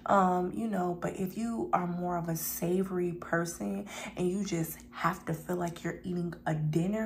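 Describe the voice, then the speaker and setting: Gravelly-voiced woman chatting through a meal. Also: fairly low pitch, steady tone, moderate pace, hardly any pauses, slight background noise. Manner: chatty, talks to viewers as y'all, burps between bites. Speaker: mukbang vlogger. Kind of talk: casual chat while eating.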